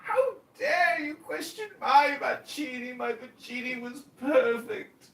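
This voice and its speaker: A whiny, pompous man with a put-on English accent defends his vaccine in a very high, outraged voice. The sound is roomy and distant. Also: big pitch swings, slow pace, fairly bright tone, exaggerated voice. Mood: indignant whine. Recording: echoey room, distant mic, faint noise.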